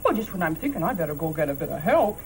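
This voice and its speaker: An actress playing a chatty young woman in a 1970s period TV drama, telling a lively story and breaking into laughter. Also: low-pitched, very fast, slight background noise, low-quality recording. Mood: excited. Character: chatty young Irish woman back from a day out.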